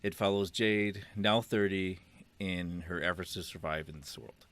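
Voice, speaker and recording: A man's voice: deep voice, measured pace, a bit bright. A middle-aged man co-hosting a podcast, chatting casually, rambling and laughing often with easy swearing. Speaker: podcast co-host. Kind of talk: casual chat.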